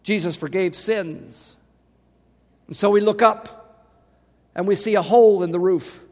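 High-voiced preacher in an echoing hall. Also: male voice, unhurried. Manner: dramatic, rising to loud emphatic quotes. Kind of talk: sermon. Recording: long hall reverb.

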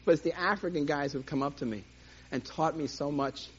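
Animated man teaching a church class. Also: fairly high pitch, fairly quick, slightly rough. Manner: animated, jokey, acts out little scenes. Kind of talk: lively church teaching talk. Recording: dull lo-fi recording, faint hiss.

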